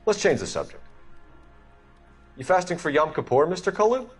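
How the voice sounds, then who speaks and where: An actor playing a rigid, formal young police detective in the 1940s. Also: male voice, a little high, sing-song, normal speed, faint music behind. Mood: stern. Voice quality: clipped, formal.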